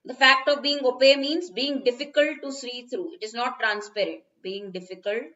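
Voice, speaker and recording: A woman's voice: a little high, moderate pace, a bit bright, muffled recording. A young Indian woman teaching English vocabulary in a live online class, explaining word meanings step by step and slipping into Hindi. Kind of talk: live online exam-prep lesson. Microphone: phone.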